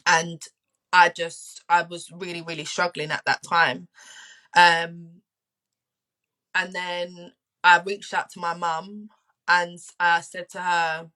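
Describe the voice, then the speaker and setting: A woman's voice: fairly low pitch, little pitch movement, takes it slowly, long pauses, bright, forceful tone, poor audio. A woman in her twenties frankly sharing her personal struggles as a guest, often repeating phrases for emphasis. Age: 20s. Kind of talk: candid personal testimony.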